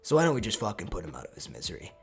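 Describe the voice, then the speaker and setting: A man's voice: fairly low pitch, wildly swooping pitch, very fast, gravelly, faint music behind, exaggerated voice. A man voicing an overpowered, callous young male ninja who talks in a laid-back, crude, dismissive way. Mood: casual.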